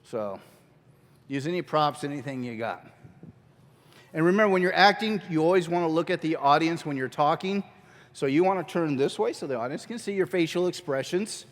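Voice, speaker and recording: A man with a slightly high voice gives a relaxed, joking drama lesson to a group. His sentences break off and restart as he coaches. Long reverb from a big hall trails behind his words. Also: moderate pace. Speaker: drama teacher. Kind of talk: casual workshop instruction. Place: church hall.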